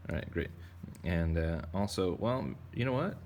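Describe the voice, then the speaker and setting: A man leads a casual drawing lesson for kids, joking and rambling as he sketches. His voice sits low and has a gravelly edge. A faint background hum runs under it. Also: animated, normal speed, darkish tone. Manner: playful, rambling, jokey. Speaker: art teacher.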